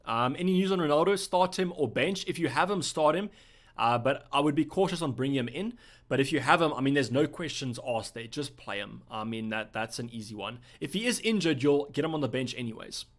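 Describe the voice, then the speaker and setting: A man's voice: mid-range voice, brisk. A young man from South Africa hosting a live stream, chatting casually as he reads out viewer questions and thinks aloud. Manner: relaxed, thinking aloud with fillers. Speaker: livestream host.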